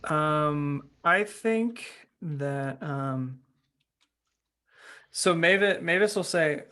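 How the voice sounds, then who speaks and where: A man playing in a tabletop game, chatting casually and thinking aloud with hesitant pauses. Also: on the high side, pushed and bright. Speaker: player.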